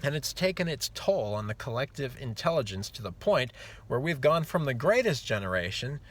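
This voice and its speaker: A man's voice: mid-range voice, big pitch swings, normal speed. A man hosting his own channel, giving a rambling, mocking commentary monologue full of restarts. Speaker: host.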